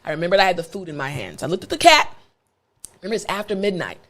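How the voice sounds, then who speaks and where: A woman's voice: on the low side, huge pitch swings, very fast, a bit bright. A woman with an American accent, an English teacher telling a story in a playful, conversational way. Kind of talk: storytelling lesson.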